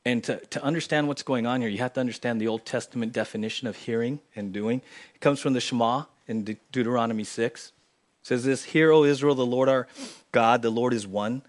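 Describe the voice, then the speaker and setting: A man preaching a sermon in church, swinging from loud emphatic lines to quiet, low asides. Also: a little fast. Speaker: pastor. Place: church sanctuary.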